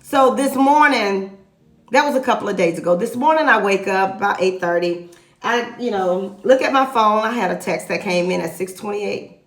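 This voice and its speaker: A woman real estate agent, telling a story to camera in a lively, emphatic way. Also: medium pitch, normal speed. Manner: animated, lively retelling with emphatic repeats. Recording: echoey room.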